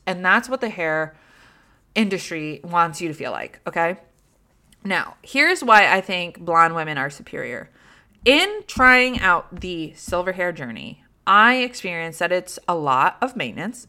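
Woman, lower-pitched, casual chatty podcast talk, rambling fillers, swears freely, self-deprecating. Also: pushed and bright. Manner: candid, self-deprecating storytelling. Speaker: podcast host. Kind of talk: casual chat.

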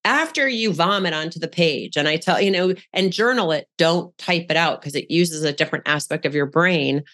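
A woman's voice: sits low, moderate pace, fairly bright tone. A woman speaking as a podcast guest in casual conversation, frank and down-to-earth, with a coaching tone.

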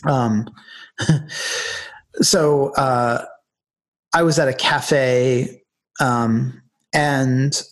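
A man's voice: medium pitch, steady tone, drawn-out words, pauses often. A man chatting casually on a podcast, rambling through anecdotes and laughing easily. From United States. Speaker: podcast co-host. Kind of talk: casual chat. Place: lives in Ireland.

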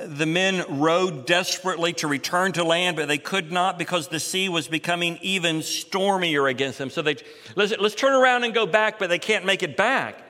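A middle-aged man delivers an expository sermon from the pulpit. His voice sits high and bright, and it climbs and swells when he stresses a line. Long reverb from the sanctuary trails each phrase. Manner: expository preaching, rising in pitch and force for emphasis. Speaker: pastor.

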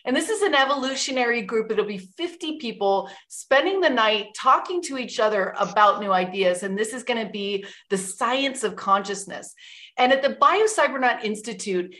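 A woman's voice: fairly high pitch, expressive, normal speed, fairly bright tone. A young adult woman hosting a livestream, talking in a chatty, enthusiastic way with many fillers and asides. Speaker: host. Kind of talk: casual livestream talk.

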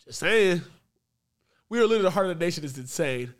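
A man's voice: high-pitched, expressive, fast. A man co-hosting a live stream in casual chat, joking, laughing a lot and swearing freely. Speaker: stream co-host.

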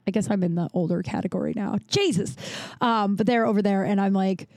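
A woman's voice: mid-range voice, a little fast, a little mellow, no room sound. A woman in her thirties hosting a podcast, telling a long story in a rambling, frank, profane way, full of "like" and quoted asides. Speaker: podcast host. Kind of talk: casual storytelling.

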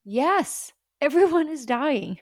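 A woman's voice: sits high, big pitch swings, takes it slowly, no echo, clean studio sound. A woman co-hosting a podcast, reacting emotionally and chatting casually about a TV episode. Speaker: podcast co-host. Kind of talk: casual recap chat.

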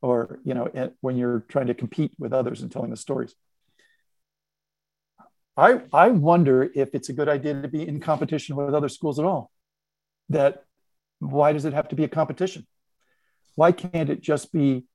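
A man with a slightly raised voice shares a story in a conversational way. He pauses to unpack his points and laughs now and then. The recording is close and dry, with no room sound. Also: on the high side, fairly even intonation, gravelly, a little mellow, no room sound. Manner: reflective, laughs often, unpacks points aloud. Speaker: podcast panelist.

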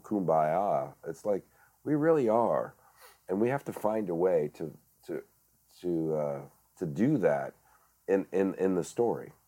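Deep-voiced earnest man, halting speech. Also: mellow. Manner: earnest, halting, with many restarts and fillers. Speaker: director and actor, podcast guest. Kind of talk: casual conversation.

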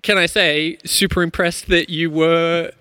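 An upbeat man hosts a church podcast, chatty and quick to laugh. His voice is bright and forceful, a little high for a man. The sound is dry and close. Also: steady tone, smooth, no room sound. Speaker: podcast host.

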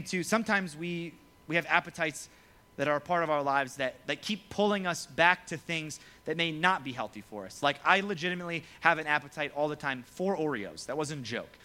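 A young man preaching a casual, joking sermon to students as their pastor, acting out quotes along the way. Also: a little high. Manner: lively, joking, acts out quoted voices. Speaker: youth pastor.

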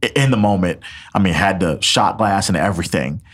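On a podcast, a young man earnestly and emotionally recounts his personal faith testimony, voicing what others told him and frequently laughing. His voice is low and a bit bright, and his pace is fairly quick.

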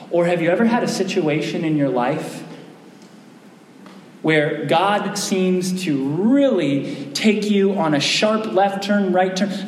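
A man preaching a sermon as pastor, conversational and animated, often asking his congregation questions. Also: high voice. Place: church hall. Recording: roomy church hall echo, faint hum.

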